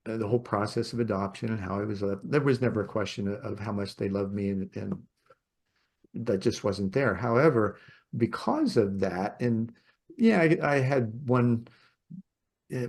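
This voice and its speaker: A man hosting a podcast, telling a personal story in a rambling, reflective way with soft laughs. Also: on the low side, vocal fry. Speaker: podcast host. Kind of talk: reflective storytelling in casual conversation.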